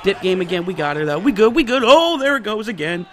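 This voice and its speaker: A man giving excited live gameplay commentary as a YouTuber, full of loud yelps, shouts and trash talk. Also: high-pitched, fast. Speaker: gaming YouTuber.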